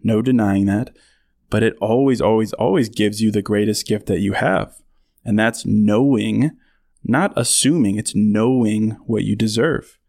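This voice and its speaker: A man's voice: on the low side, unhurried, darkish tone, no echo. A man hosting his own podcast, talking casually to listeners, laughing often and full of fillers. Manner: chatty, laughs often, many fillers, mock voices for quotes. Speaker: podcast host. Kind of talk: casual solo podcast monologue.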